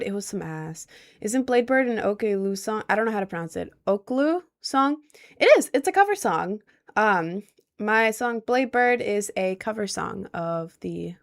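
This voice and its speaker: A woman's voice: medium pitch, gravelly. Chatty twenty-year-old woman streaming. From Maryland, US. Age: about 20. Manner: chatty, reads chat aloud, lots of ums and likes. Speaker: livestream host. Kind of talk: casual livestream chat.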